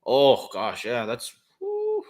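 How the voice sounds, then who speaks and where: A man's voice: medium pitch, wildly swooping pitch, takes it slowly, darkish tone. Casual podcast co-host, man, talks loosely and keeps going, lots of "um"s, easygoing and eager. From California. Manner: rambling, enthusiastic, many fillers. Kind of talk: casual chat.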